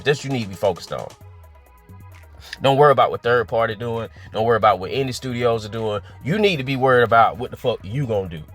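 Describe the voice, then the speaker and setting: A man at an ordinary pitch rants casually about gaming, swearing freely and piling up exasperated rhetorical questions. Faint music sits quietly underneath his voice. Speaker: gaming commentator. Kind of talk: casual opinion rant.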